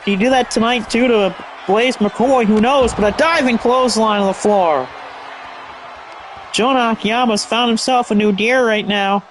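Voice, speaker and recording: A man calling a wrestling match play by play, energetic and shouting at big moves, often tripping over move names and correcting himself. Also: high voice, normal speed, slight background noise. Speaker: play-by-play commentator. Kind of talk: excited play-by-play commentary.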